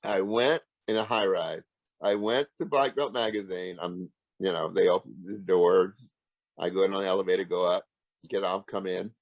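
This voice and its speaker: Older male guest storyteller, lowish voice, animated, acts out dialogue, restarts a lot, dry close sound. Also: moderate pace, gravelly, no room sound, poor audio. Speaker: interview guest, martial arts grand master. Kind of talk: casual storytelling.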